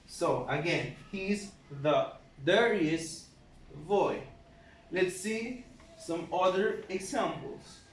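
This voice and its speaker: A man teaching an English grammar lesson, slow and patient, spelling out letters one by one. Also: high-pitched, a little hiss or hum. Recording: echoey room, mic at a distance.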